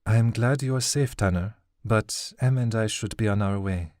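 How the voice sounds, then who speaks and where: A man's voice: lowish voice, measured pace, no echo, studio quality, lightly acted. A man voicing a young woman who talks bluntly and sharply, with sadness underneath. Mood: resolute. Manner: sharp yet sad, blunt. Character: resolute young woman warrior, leaving her friends.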